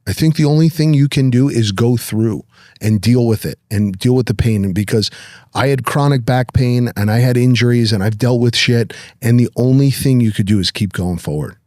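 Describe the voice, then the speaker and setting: A man's voice: moderate pace, no room sound, clean studio sound. A man hosting a podcast, reflective and casual, swearing freely as he talks with his guest. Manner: reflective, sinks low and quiet, swears casually. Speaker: podcast host. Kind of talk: casual interview chat.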